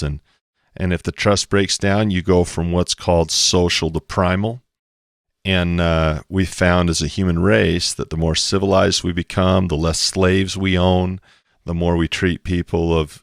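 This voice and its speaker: A man's voice: low voice, no echo, clean studio sound. A man talking emphatically on a podcast about investing, acting out little quoted exchanges as he goes. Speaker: co-host explaining investing. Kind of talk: animated podcast talk.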